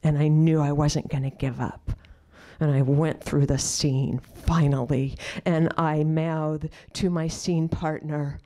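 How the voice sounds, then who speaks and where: On a live storytelling stage, a woman with a low, steady voice tells a personal story to an audience. She drops into hushed, near-whispered asides and slows right down whenever she quotes a question.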